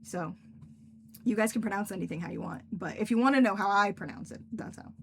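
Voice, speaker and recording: A woman's voice: medium pitch, expressive, fairly quick, slight background noise. A young woman, an author, chatting casually and rambling on a livestream, laughing often. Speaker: author and streamer.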